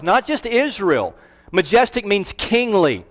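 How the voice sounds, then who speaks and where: A man with a high voice preaches in a church sanctuary. He speaks earnestly and lingers on key phrases. The sound carries a long hall reverb. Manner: earnest, emphatic preaching with slowed, stressed phrases. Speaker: pastor. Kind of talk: sermon.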